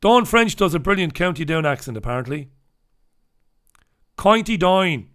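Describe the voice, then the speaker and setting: Talking quickly and with great animation, a middle-aged Englishman from the UK hosts a casual stream, going over the papers and saying hello to viewers in a cheeky, foul-mouthed way. His pitch is fairly high and his tone fairly bright.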